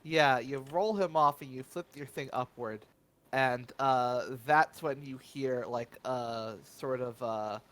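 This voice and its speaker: A man narrating as game master of a tabletop role-playing game, often pausing with fillers as he describes scenes. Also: medium pitch, fairly bright tone. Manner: halting, filler-heavy narration.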